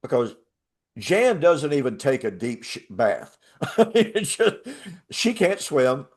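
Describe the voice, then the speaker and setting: An older man hosting a talk show, telling a travel story in a casual, animated way and laughing often. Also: medium pitch, slow. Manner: animated, laughs often, acts out quoted voices. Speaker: show host.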